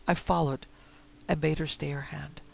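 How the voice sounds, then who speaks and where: A man reading a Victorian-style story aloud in a measured, quiet manner. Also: on the high side, little pitch movement, creaky, poor audio. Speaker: narrator.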